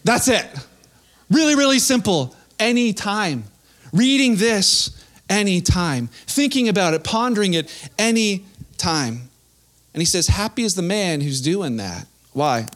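A man's voice: sits high, expressive, unhurried, a bit bright. A young man preaching a sermon in a casual, conversational way, with playful acted-out asides. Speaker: pastor.

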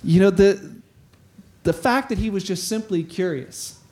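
A man with a notably high voice preaching to his congregation. He talks like he is chatting with friends, animated and warm in his storytelling, often restarting a phrase or slipping in a chuckle. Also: measured pace. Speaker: pastor. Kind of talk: conversational sermon.

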